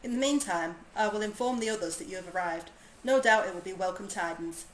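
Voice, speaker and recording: A woman voicing a stern military officer in a game, putting on a Yorkshire accent, reading in a formal, measured way. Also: mid-range voice, echoey room, a little hiss or hum, lightly acted, rough recording. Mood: earnest. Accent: put-on Yorkshire.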